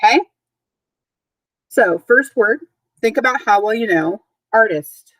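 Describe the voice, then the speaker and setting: A woman teaching a recorded vocabulary lesson to third graders, speaking clearly and spelling words out letter by letter. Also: fairly high pitch, animated, measured pace, long pauses, a bit bright, no room sound, poor audio.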